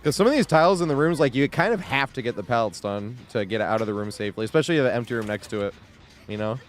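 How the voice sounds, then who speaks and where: A man's voice: medium pitch, animated, fast. Young man rambling on a game stream. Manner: rambling, swears a lot, laughs often. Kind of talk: casual live-stream chat.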